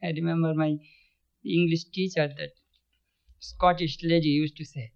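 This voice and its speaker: Brief: man, high voice, swami giving a scripture talk, measured and halting, dull lo-fi recording. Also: little pitch movement, creaky. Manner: measured, thoughtful pacing with frequent restarts. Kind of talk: spiritual talk explaining scripture.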